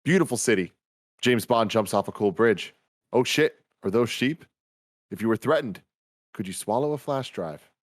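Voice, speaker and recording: A man's voice: lowish voice, animated, normal speed, no echo, studio quality. Enthusiastic man hosting a film review chat. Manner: enthusiastic, reads listener reviews aloud. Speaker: podcast host. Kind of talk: casual movie review chat.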